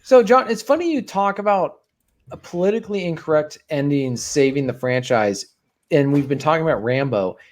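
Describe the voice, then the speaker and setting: A man co-hosting a podcast, speaking haltingly as he searches for words. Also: fairly high pitch, lively intonation. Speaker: podcast co-host. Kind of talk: casual chat.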